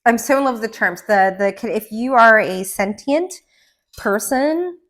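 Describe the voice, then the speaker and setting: A woman giving a casual tarot card reading at home, rambling and excitable, with gasps and laughs between her thoughts. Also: fairly high pitch, measured pace. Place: indoor room. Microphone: camera mic.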